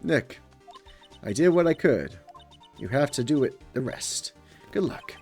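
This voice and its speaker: A man voicing a young woman who is an excitable spirit medium sidekick, reading a game aloud. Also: a little slow, breathy edge, soft background music. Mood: urgent. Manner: high excitable pleading.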